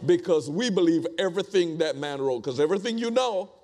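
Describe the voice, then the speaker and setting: A man's voice: a little high, animated, brisk, a little mellow. A man preaching a conversational sermon, repeating phrases and asking the congregation rhetorical questions.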